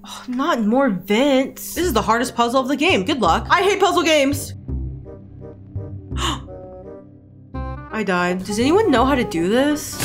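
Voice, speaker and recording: A woman's voice: high voice, very animated, measured pace, pauses often. A young woman streaming a horror game from home, swearing often and shrieking in fright. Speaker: gaming streamer. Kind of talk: live gameplay commentary. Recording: game music playing behind.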